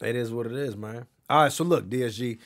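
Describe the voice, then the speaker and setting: A young man, giving brash, crude reaction commentary as a streamer that swings from mumbling to loud ranting. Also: mid-range voice, fast talker. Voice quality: gravelly and husky. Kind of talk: casual profane reaction commentary.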